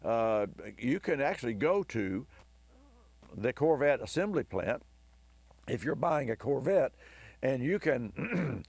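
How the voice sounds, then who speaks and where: A hoarse man hosting a car advice radio show, telling a long rambling story with enthusiasm. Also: mid-range voice, big pitch swings, slow, pauses often, darkish tone. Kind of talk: talk radio monologue.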